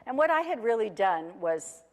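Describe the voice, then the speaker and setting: A woman's voice: a little high, sing-song, normal speed, big-room sound. A woman in her forties, a former chef, telling her own story in a chatty, rambling way with self-deprecating humor. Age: 40s. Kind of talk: casual recounted personal story.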